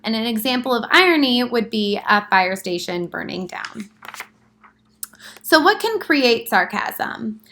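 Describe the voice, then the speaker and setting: A woman's voice: a little high, pushed and bright. A woman presenting a prepared class talk, reading it aloud carefully with a few slips.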